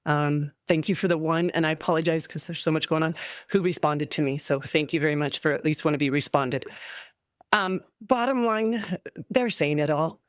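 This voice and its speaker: A woman in her fifties, a longtime special education teacher, speaking with frustration and halting "um"s during public comment at a school board meeting. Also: low-pitched, dry recording, studio quality. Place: public meeting room at a podium.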